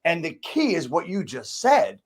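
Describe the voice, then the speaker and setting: A man's voice: fairly high pitch, wildly swooping pitch, moderate pace, a crowd in the background. A man hosting a casual podcast, asking blunt conversational questions. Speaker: podcast host.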